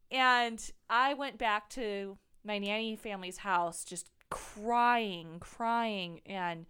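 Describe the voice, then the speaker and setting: A woman's voice: fairly high pitch, slow, hardly any pauses, clean tone. A young woman co-hosting a podcast, telling a story in a casual chat and acting out what people said, with a lot of "like"s. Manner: animated storyteller, acts out quotes with many "like"s. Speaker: podcast co-host.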